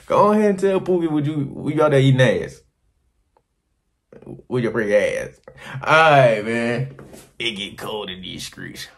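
A man vlogging to camera, telling crude, rambling stories in an animated, casual way. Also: mid-range voice, measured pace, long pauses. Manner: animated, crude and rambling, slipping into quoted voices. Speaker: travel vlogger.

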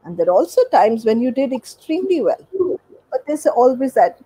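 A woman's voice: on the high side, very animated, normal speed, warm tone, husky, low-quality recording. A woman, a doctor and guest expert, explaining in a conversational way and acting out everyday examples. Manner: explanatory, acts out examples with quoted voices.

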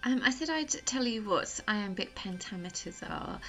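A woman's voice: mid-range voice, animated, normal speed, fairly bright tone, soft background music. A woman with an English accent, teaching a recorded school lesson and explaining patiently step by step, with frequent fillers.

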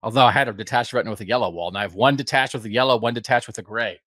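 A man's voice: medium pitch, racing, fairly bright tone, no echo, studio quality. A man in his fifties, a podcast host giving a casual, rambling, self-deprecating update from home. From United States. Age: 50s.

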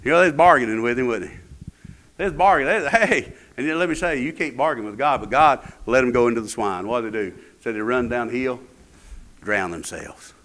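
A man's voice: mid-range voice, fairly quick, a bit bright. A man preaching a sermon in an emphatic, rising and falling cadence. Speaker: pastor. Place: church.

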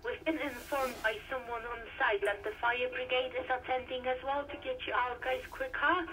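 A female emergency operator answering a lift alarm. She is calm, brisk and reassuring, and her voice sits high. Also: poor audio. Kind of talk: service intercom call.

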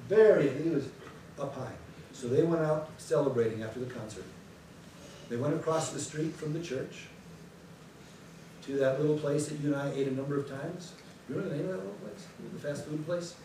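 A man, the pastor, giving chatty announcements and telling a lively story to his church. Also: fairly high pitch, a little fast, a little hiss or hum. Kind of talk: church announcements before a sermon. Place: church sanctuary. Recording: echoey sanctuary, distant mic.

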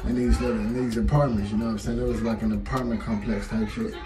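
A man's voice: lowish voice, level tone, fast talker, a crowd in the background. A man, telling a story in a laid-back, slangy way full of fillers. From Chicago. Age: 20s. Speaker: vlogger. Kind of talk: casual storytelling. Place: small bathroom. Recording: echoey bathroom, faint music.

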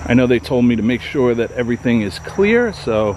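A man's voice: mid-range voice, big pitch swings, fairly quick, noisy background. Scared man vlogging a night ghost hunt. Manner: jittery, muttering to himself, calling out into the dark. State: frightened and shaky. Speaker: paranormal vlogger. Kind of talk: nervous solo ghost-hunt vlog. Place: abandoned trailer at night, indoors and out. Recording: night insects and crickets clearly audible.

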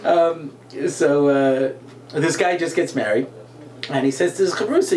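A middle-aged man tells stories and jokes in an interview. His voice leaps up and down as he acts out the people in his tales. He speaks as a rabbi and a guest speaker. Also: unhurried. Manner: animated joke-telling, acts out characters with jumps in pitch. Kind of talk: storytelling interview chat.

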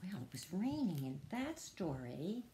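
A woman librarian reading a picture book aloud to preschoolers in a sing-song voice, pausing to ask the children questions. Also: lowish voice, big pitch swings, mellow, a little hiss or hum. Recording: roomy echo.

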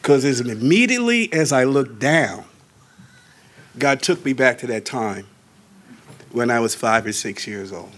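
A man in his sixties, a Baptist pastor, tells a personal testimony in an animated way, slowing down on key words and moving between soft asides and raised emphasis. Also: medium pitch. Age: 60s. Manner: slows down and draws out key words.

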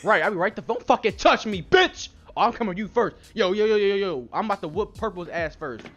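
A man's voice: sits high, animated, quick pace, fairly bright tone. A young man commentating his own game play, trash-talking the characters with constant swearing. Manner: profane trash talk at the game. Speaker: gaming YouTuber.

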